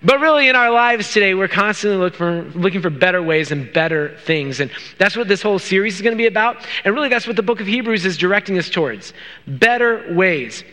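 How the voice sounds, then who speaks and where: A man's voice: sits high, animated, brisk, pushed and bright, big-room sound. A middle-aged man preaching a casual, joking sermon to his congregation as their pastor. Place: church hall.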